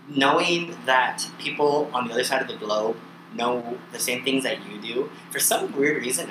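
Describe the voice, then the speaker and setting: A man from the United States, a podcast guest, telling stories in casual chat with a relaxed, rambling manner. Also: medium pitch. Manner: relaxed, rambling, self-interrupting storyteller. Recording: echoey room with noise.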